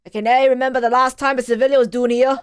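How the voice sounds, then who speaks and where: Lady doing a brash loud prison boss guy, put-on irish accent, barks every line. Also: sits high, level tone, fast talker, a little hiss or hum, lightly acted. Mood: blustering. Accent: Irish attempt. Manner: blustering, barking. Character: loud brash male prison governor, gruff.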